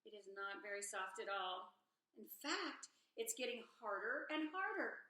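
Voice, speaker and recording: A woman's voice: mid-range voice, unhurried, sharp tone. A woman doing a squealing little pig. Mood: puzzled. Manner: squealing, exclaiming. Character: small runaway male pig, fussy and mud-loving. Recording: echoey room.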